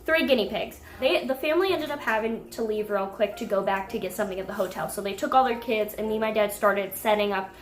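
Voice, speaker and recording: A young woman telling a pet rescue story to camera in a casual, animated way, breaking into indignant outbursts. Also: mid-range voice, quick pace, hardly any pauses, slight background noise. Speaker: pet vlogger. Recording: echoey room with faint music.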